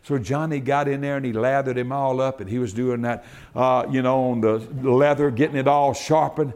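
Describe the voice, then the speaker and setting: A man preaching a sermon, swinging between loud, shouted exhortation and quiet, low asides. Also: fairly even intonation, normal speed, smooth.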